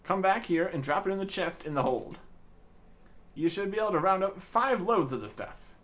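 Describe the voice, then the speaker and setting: A man's voice: high-pitched, lively intonation, normal speed, a bit bright, voice pushed up. A man voicing a stern, impatient male ship captain in a game, scolding and bossy. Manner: scolding, bossy, nautical talk.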